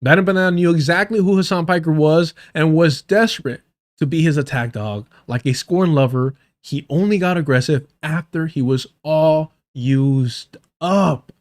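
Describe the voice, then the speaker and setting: A man's voice: on the high side, normal speed. A young man hosting a live stream, ranting with heavy profanity and scorn. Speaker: livestream host.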